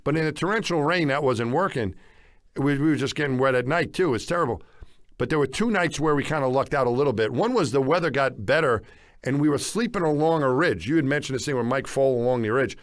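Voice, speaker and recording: A middle-aged man co-hosting a podcast, telling a story casually with lively chuckles. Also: mid-range voice, fast, no echo, clean studio sound. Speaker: podcast co-host.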